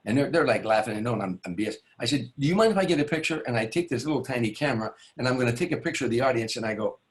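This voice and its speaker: A mid-range, rapid-fire voice belongs to a stand-up comedian recounting a long show-business tale as an interview guest. He rambles through it, keeps restarting and digressing, and acts out each person in the story.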